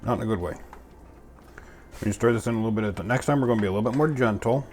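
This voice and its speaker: A man's voice: mid-range voice, fairly quick, a little mellow, slight background noise. A man hosting a casual cooking video, chatting in a goofy, self-mocking way as he makes a sauce in his home kitchen. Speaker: cooking channel host.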